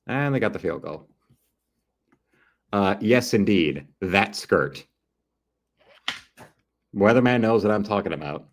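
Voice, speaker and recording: A man talks over a football broadcast on his live stream in a loose, rambling way. His voice sits on the low side, and he drifts between play calls and crude wisecracks. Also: lively intonation, takes it slowly, pauses often. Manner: rambling, joking, crude asides. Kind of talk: casual live-stream commentary.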